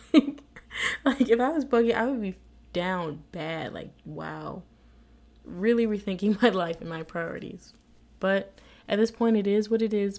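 A woman giving a chatty, expressive recap of a TV episode, laughing often as she talks. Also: mid-range voice. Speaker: TV episode reviewer.

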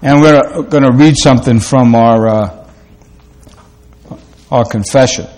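A man preaching a sermon in a slow, halting way, with many fillers and restarts. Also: mid-range voice, a little mellow. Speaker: pastor.

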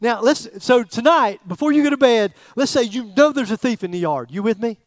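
A middle-aged man preaching a sermon as pastor, in a chatty, joking way with pauses and repeated phrases. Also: extremely high pitch, expressive, dry recording.

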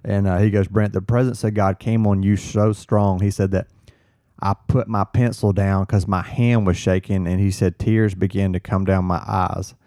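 A man recounts a personal story in casual conversation, earnest and halting, often restarting his sentences. His voice sits on the low side, and the recording is dry with almost no room sound. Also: level tone, dark tone, no echo. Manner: earnest, halting with restarts, quotes others in dialogue. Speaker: firefighter guest.

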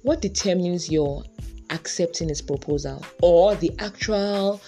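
Nigerian woman rambling on her podcast, deep mellow voice, throws in pidgin words. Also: unhurried, soft background music. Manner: chatty, musing aloud, dropping in Yoruba and pidgin words. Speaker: podcast host. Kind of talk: casual podcast monologue.

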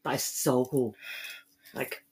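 A woman co-hosting a podcast, swearing loudly and bantering in casual chat. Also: rumbling low, steady tone, slow pace, slightly rough. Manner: loud, sweary, laughing banter. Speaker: podcast co-host.

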